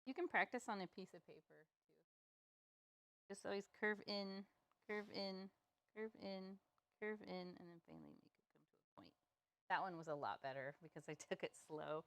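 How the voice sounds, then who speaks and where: Her voice lowish, expressive, and a bit bright, a painting instructor moves through a live art tutorial one step at a time at a moderate pace, pausing often. She's chatty, playful, and quick to laugh at herself, and the recording is dry.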